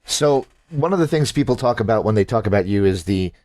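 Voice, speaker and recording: Male interview host, lower voice, dry close sound, easygoing. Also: no room sound. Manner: relaxed, fan-like, quick affirmations. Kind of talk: casual interview talk.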